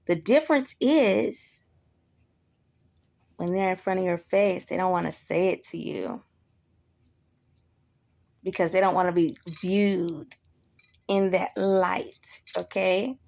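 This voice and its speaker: Gravelly, slow-talking woman vlogger. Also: on the low side. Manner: blunt, profane, animated quoting of others. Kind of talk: casual monologue.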